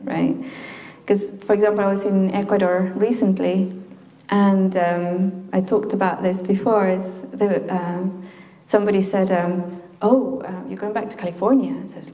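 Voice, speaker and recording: Speaking in a mid-range, dark-toned voice, a Chilean woman gives an informal talk to a group in a library meeting room. She's chatty, laughing often and using plenty of fillers, and the room sounds echoey.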